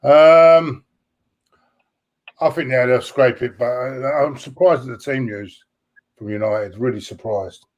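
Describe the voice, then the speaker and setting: A man's voice: mid-range voice, slow, pauses often, lo-fi sound. A man co-hosting a casual football chat, talking in a flustered, distracted way. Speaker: co-host.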